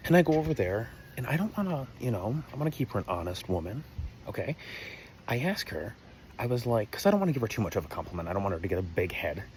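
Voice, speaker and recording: A man's voice: medium pitch, sing-song, fast talker, a little mellow, a little hiss or hum. A young man rambling through a comedic personal story to camera, exaggerated and full of asides. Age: young adult.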